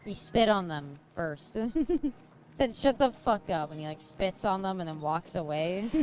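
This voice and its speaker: A woman's voice: fairly low pitch, lively intonation, unhurried, a little hiss or hum. Giggly rambling woman streamer. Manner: giggly, rambling, crude jokes. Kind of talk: casual gameplay chat.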